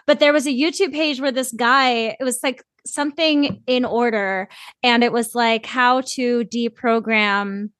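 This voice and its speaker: A young woman hosting a podcast in casual chat, talkative and loose, swearing freely with quick asides. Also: fairly high pitch, fairly even intonation, a bit bright, no room sound. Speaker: podcast host.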